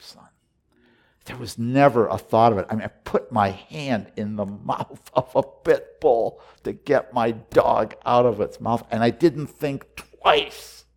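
A man with a lowish, gravelly voice preaches an earnest, repetitive sermon, shifting between quiet reflective lines and loud, urgent exhortations.

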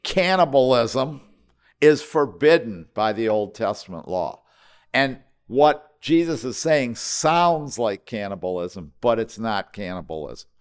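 A man preaches with emphatic force, drawing out key words and then dropping suddenly to a hush. He restarts and repeats phrases as he builds each point. His pitch sits in an ordinary middle range for a man. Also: animated, measured pace, clean tone. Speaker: pastor. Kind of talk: sermon.

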